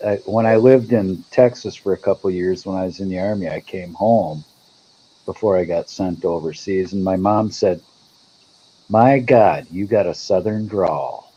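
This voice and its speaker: Low mellow-voiced Minnesota man chatting. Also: normal speed, muffled recording, slight background noise. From Minnesota, USA. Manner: modest, self-deprecating, rambling. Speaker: host. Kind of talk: casual chat.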